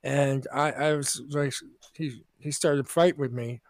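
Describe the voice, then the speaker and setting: A male podcast co-host rambles through a long story in casual conversation, often restarting his sentences and acting out quoted voices. His medium-pitched voice stays steady at a measured pace, and the recording is dry.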